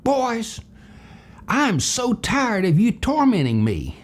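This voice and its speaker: A man voicing a proper middle-aged British gentleman in a storytold memory, husky and emphatic. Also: medium pitch, big pitch swings, normal speed, exaggerated voice. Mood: angry.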